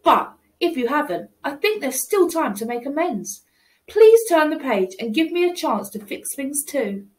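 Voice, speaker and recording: A woman reading a children's picture book aloud, animated and exclaiming, with pleading asides. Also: high voice, measured pace. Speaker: storybook reader.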